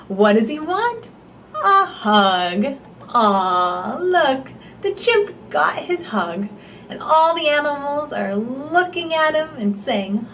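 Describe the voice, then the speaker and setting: High, sing-song woman reading a picture book. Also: animated, slow, fairly bright tone, slight background noise. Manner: gasping, exaggerated, coaxing questions to a child. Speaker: storyteller for babies and toddlers. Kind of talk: animated picture-book read-aloud.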